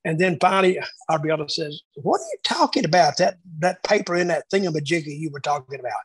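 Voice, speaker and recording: A man reminiscing casually about his years booking shows, telling lively anecdotes and acting out the quotes. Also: a little high, quick pace, husky, no room sound, rough recording. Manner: animated storyteller acting out quotes. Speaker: wrestling booker telling stories.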